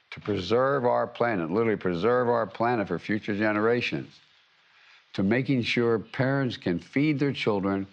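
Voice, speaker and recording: An older man delivering a formal prepared speech as a head of state, measured, with frequent restarts and repeated words. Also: deep voice. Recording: dull lo-fi livestream audio.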